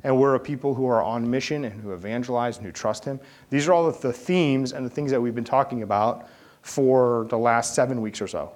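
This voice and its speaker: A middle-aged man preaching a sermon from the United States, talking in a relaxed, conversational way and telling a personal story with lively delivery. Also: fairly quick. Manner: conversational, animated storytelling with rising pitch in quoted dialogue. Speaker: pastor.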